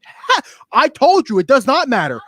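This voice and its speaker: A young man with a high, bouncy voice that swings all over as he jokes around. He rambles and laughs through crude, casual podcast chat. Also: huge pitch swings, normal speed, a bit bright. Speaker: podcast co-host.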